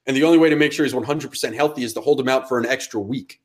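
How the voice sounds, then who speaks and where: A man's voice: mid-range voice, very fast. A man with a New York accent, co-hosting a sports podcast in casual chat, ranting heatedly and swearing. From Connecticut. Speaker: podcast co-host.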